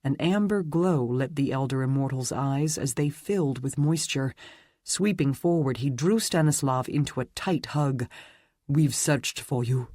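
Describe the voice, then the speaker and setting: A man narrating a dark fantasy romance audiobook in a steady, even reading. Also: mid-range voice, normal speed, dry recording, clean studio sound. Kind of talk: scripted narration.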